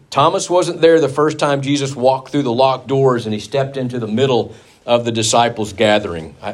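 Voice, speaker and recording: A man preaching a sermon in a church, telling a Bible story earnestly and leaning hard on key words. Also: medium pitch. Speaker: pastor.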